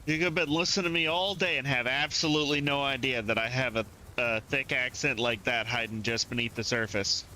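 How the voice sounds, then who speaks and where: A man's voice: medium pitch, steady tone, brisk, hardly any pauses, pushed and bright, a little hiss or hum. A man from the southern United States chatting and reacting aloud as he streams live gameplay, keeping a mostly neutral way of speaking.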